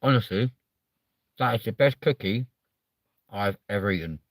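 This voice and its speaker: A man's voice: on the low side, animated, normal speed, no room sound. A man hosting a live stream, chatting casually, reading out the chat and swearing freely between lots of ums.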